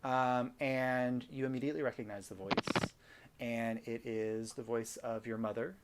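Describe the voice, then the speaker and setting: A man narrating a tabletop game as game master, relaxed and full of fillers. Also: mid-range voice, normal speed, very noisy.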